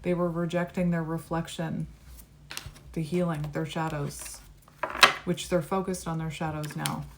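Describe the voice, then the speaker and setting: Lower-pitched woman reading tarot. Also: level tone, measured pace, very noisy. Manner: reflective, musing, card by card. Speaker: tarot reader.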